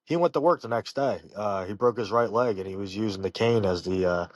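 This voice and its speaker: Low-voiced man telling stories haltingly. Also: no room sound. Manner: halting, filler-heavy, many restarts. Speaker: professional fighter, podcast guest. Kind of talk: casual interview storytelling.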